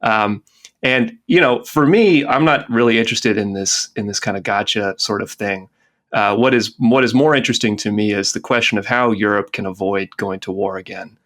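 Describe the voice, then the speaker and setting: A man with a somewhat low voice speaks as a guest on a talk podcast. He talks casually but hesitantly, pausing with fillers and restarting his sentences as he works through a point. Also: steady tone, fairly bright tone. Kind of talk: casual interview chat.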